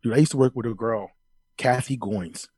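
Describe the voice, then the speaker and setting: A middle-aged man co-hosting a casual podcast, telling profane stories in an animated way. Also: medium pitch, normal speed, husky, dry recording. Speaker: podcast co-host. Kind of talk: casual chat.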